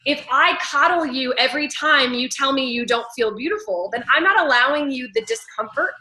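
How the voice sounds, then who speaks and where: A woman hosting a casual coaching chat, talking in an animated way and acting out little quotes. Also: high-pitched, a little fast, poor audio. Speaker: host.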